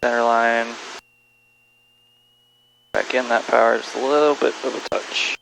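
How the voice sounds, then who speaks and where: A man's voice: medium pitch, steady tone, measured pace, gravelly, fairly bright tone, a little hiss or hum, rough recording. A young man, a student pilot, talking through his flight steps on a headset intercom and joking with his instructor. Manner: jokey, laughs often, calls out steps aloud. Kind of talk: cockpit commentary during a training flight. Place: small plane cockpit.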